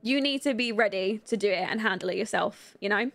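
A young woman streaming a life-sim game, chatting candidly with viewers, rambling with lots of fillers and quick to laugh. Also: medium pitch, gravelly, a bit bright. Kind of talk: casual live-stream chat while playing.

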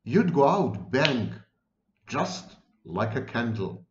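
Scornful know-it-all twin voiced by a man, animated, roomy sound. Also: mid-range voice, slow, highs cut off, a little hiss or hum. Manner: scornful, lecturing.

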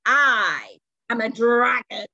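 A woman voicing a mean, hungry male dragon in a children's storybook reading, with a slow, gloating delivery. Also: on the high side, lively intonation, creaky, bright, forceful tone, dry recording, lo-fi sound, full character voice. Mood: boastful.

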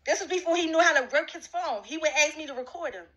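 A woman's voice: sits high, lively intonation, fast talker, a bit bright, muffled recording. A woman addressing someone directly, confrontational and repetitive, repeating her demands with emphasis.

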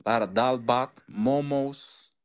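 A man's voice: mid-range voice, fairly even intonation, unhurried, clear, resonant tone. A man from Nepal calling in to a talk show, asking questions and defending himself insistently. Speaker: caller. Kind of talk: phone-in call.

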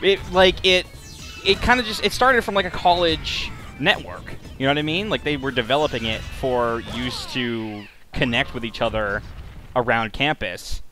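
A young man in casual gaming banter, joking and rambling with loud laughs. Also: mid-range voice, moderate pace, faint music behind. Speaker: gaming commentator.

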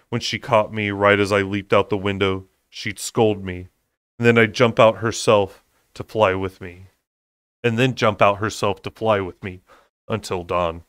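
A man voicing a soft-spoken winged fae lord. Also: fairly low pitch, clean tone, no room sound, clean studio sound.

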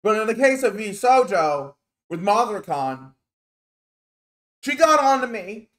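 A man's voice: high-pitched, big pitch swings, fairly bright tone. Furious man ranting on stream. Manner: furious, slow and emphatic, cursing, calls out by name. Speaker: VTuber streamer. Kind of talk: angry livestream rant.

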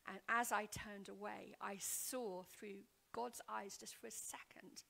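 Gravelly-voiced woman preaching a testimony. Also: medium pitch, fairly even intonation, measured pace, hardly any pauses. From Wales. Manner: earnest, heartfelt storytelling, drops to a hushed whisper then builds loud; repeats words and restarts often. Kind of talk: sermon testimony. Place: church hall.

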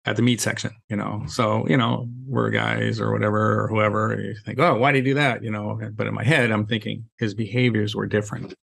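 Gravelly low-voiced man telling stories. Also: little pitch movement, fairly quick, few pauses, a bit bright, no room sound. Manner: acts out quoted dialogue, frequent "you know" fillers. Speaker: podcast guest, safety trainer. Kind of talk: casual conversational storytelling.

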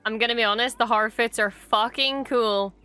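A young Irish woman hosting a reaction video, chatting casually and gushing excitedly with frequent swearing. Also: a little high, normal speed, clear, resonant tone, faint music behind.

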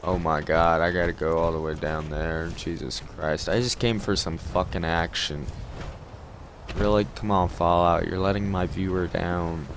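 A man giving profane, excitable commentary on his game as a channel host, yelling when things go wrong. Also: low-pitched, normal speed, background noise. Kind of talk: let's play commentary. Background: game music.

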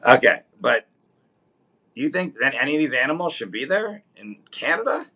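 Bright-voiced man, teasing comedian. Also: medium pitch, sing-song, normal speed. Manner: teasing, then explains at length. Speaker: podcast co-host, comedian. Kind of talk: casual comedic chat.

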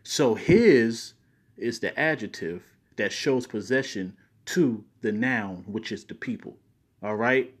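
Guy with a speech impediment teaching bible verses, leans on certain words, medium pitch. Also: takes it slowly. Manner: stresses key words when reading scripture aloud. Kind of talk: scripture teaching video.

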